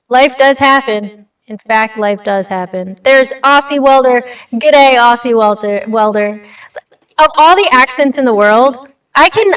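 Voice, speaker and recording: A woman's voice: fairly high pitch, fairly bright tone, clear, resonant tone. A blunt, chatty woman hosting a casual livestream, reading news aloud and replying to her chat. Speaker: livestream host. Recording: slightly distant with light reverb.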